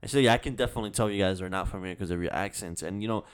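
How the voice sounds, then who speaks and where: A man's voice: low voice, racing, clear, resonant tone. A young man, hosting a casual podcast and telling stories in a rambling, profane, laid-back way. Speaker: podcast host. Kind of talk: casual chat.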